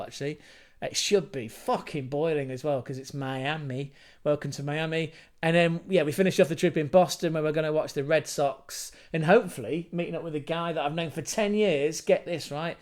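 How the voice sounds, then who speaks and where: A man's voice: a little high, fairly quick. A man from England chatting casually to camera about football, swearing freely and wandering into rambling asides. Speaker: football vlogger.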